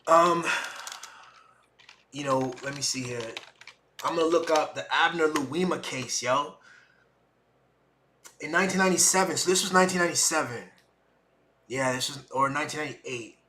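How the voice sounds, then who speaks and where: Pausing often at a moderate pace, this middle-aged podcast host speaks in a fairly high voice over a slight hiss or hum. He recounts a personal story emotionally, animatedly performing other people's lines.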